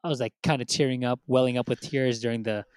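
A man's voice: medium pitch, steady tone, quick pace, darkish tone, clean tone, no echo. A man co-hosting a casual podcast chat, rambling with many fillers and acting out quotes. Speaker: podcast co-host.

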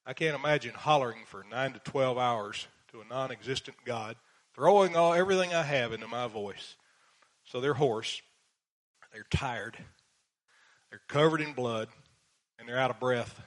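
A man of middle pitch gives an earnest verse-by-verse sermon in a church. He stresses key words with force and reads scripture in old King James English. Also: normal speed, long pauses. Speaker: preacher and Bible teacher.

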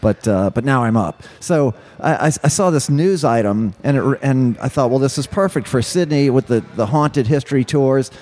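A man's voice: medium pitch, normal speed, hardly any pauses, darkish tone. Sleepy guy co-hosting a chatty podcast, keeps restarting his sentences. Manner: tired, trailing restarts. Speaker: podcast co-host. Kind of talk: casual podcast chat.

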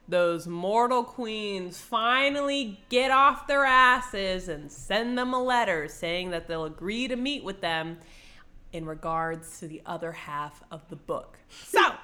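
A woman's voice: mid-range voice, pushed and bright. A woman co-hosting a casual podcast chat, recapping a book with swearing and acted-out voices, a bit tipsy from wine. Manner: giggly, swears freely, acts out scenes with exaggerated voices.

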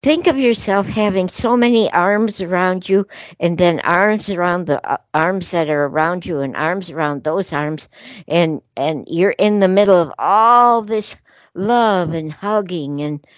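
A woman's voice: fairly low pitch, no echo. A woman hosting a spiritual radio talk show, speaking in a soothing, reassuring way as she passes on messages. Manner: soothing, reassuring, drawn-out phrasing.

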